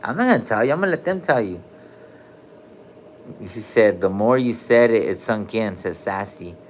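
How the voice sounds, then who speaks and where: The host's voice is lowish and expressive, moving at a moderate pace with a little background noise. He's running a casual livestream from a hospital room, joking around in thick slang and calling out viewer names.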